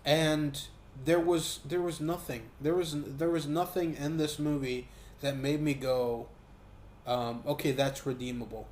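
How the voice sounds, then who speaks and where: A man giving a casual, profane movie review, talking in an animated way and mocking what he saw. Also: fairly high pitch, echoey room, slight background noise. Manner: profane, animated, quick asides with mocking quoted voices.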